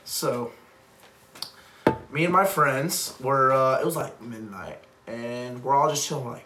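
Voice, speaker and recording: A man's voice: mid-range voice, measured pace, pushed and bright. A young man co-hosting a casual chat, telling a long rambling story with many "like"s and frequent laughs. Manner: rambling, laughs often, heavy use of "like". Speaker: podcast co-host. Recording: roomy, distant mic, faint background noise.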